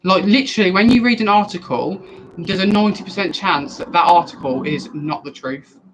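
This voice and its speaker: Young guy in his twenties, slightly high voice, casual live-stream chat, animated, rambling, restarts sentences often. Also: a little fast, background noise. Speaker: streamer answering viewer questions.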